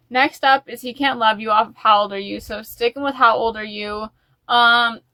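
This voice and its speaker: A woman's voice: fairly high pitch, sharp tone, no room sound. A woman chatting in a casual music vlog, rambling and openly emotional. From United States. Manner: chatty and rambling, with fillers and restarts. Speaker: music vlogger.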